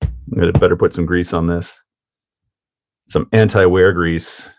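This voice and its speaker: A man's voice: deep voice, flat delivery, a little slow, soft background music. A man hosting a hobby livestream in casual chat, joking, laughing often and answering chat as he builds a kit.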